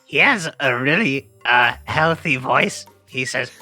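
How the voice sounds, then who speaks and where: A player speaking in a rambling, excitable way during a tabletop game. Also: mid-range voice, takes it slowly, hardly any pauses, soft background music. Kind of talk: in-character tabletop play.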